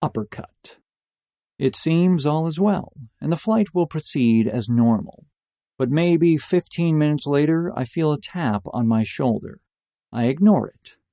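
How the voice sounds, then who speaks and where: A young man narrating a personal story in a deadpan, mock-epic manner. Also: fairly high pitch, measured pace, no echo, clean studio sound.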